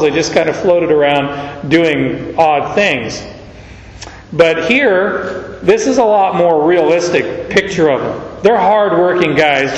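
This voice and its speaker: A man with a fairly high voice teaches scripture at a slow, deliberate pace. His words are emphatic, and he lifts his pitch when he reads verses aloud. The sound is dull and lo-fi, with a long hall echo. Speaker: Bible teacher.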